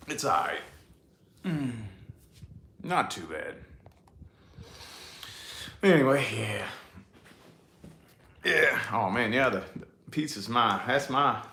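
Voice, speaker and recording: Casting: chatty man, thirties, bright lively voice, rambling and cussing, echoey room. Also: mid-range voice. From New Albany, Indiana, USA. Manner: rambling and profane, drawn-out words. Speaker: vlogger chatting to a live audience. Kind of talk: casual live chat.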